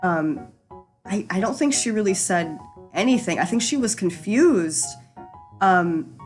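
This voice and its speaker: A young woman tells a story in a loose, rambling way, with plenty of "um"s and casual swearing. Her voice sits at a middle pitch for a woman, and faint music plays underneath. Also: animated, a little slow. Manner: rambling, frank, swears freely, many fillers. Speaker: storyteller host.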